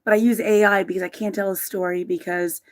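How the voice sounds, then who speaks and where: A woman hosting a live stream, talking haltingly and emotionally with many pauses and restarts, partly reading aloud from her own writing. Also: mid-range voice, fairly even intonation. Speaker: livestream host.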